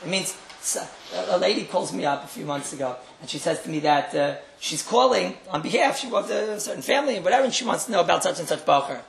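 Male rabbi, religious talk; gravelly, wry storyteller who repeats for effect; room echo. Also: sits high, expressive, fast. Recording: roomy echo.

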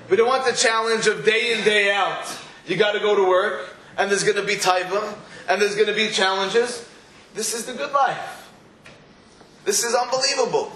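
A man giving an animated Torah class, telling stories and acting out the people he quotes. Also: high-pitched. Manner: animated storytelling with quoted voices. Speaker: rabbi. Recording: roomy echo with faint room noise.

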